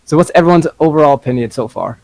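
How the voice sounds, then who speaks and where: A man's voice: a little high, racing, vocal fry, a little mellow, no room sound. A man running a tabletop game as game master, moving between casual rules talk and dramatic narration.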